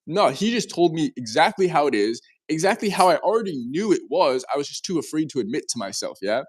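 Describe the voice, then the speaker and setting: A man in his twenties, a guest in a casual interview, telling his story in an animated way and often restarting his sentences. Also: on the high side, fast. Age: 20s.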